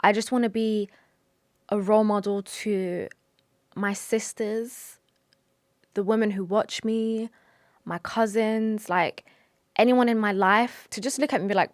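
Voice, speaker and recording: A woman's voice: medium pitch, fairly even intonation, a little slow, dry recording, studio quality. A young woman talking to camera about her faith, earnest and emotional, with sighs, restarts and Arabic religious phrases mixed in. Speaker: vlogger. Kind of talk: personal confessional talk to camera.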